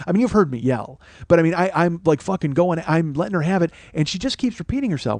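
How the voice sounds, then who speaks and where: A man's voice: a little high, animated, fast, few pauses, darkish tone, dry recording. A man in his forties, a comedian and host, telling a comic story with profane, worked-up ranting. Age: 40s.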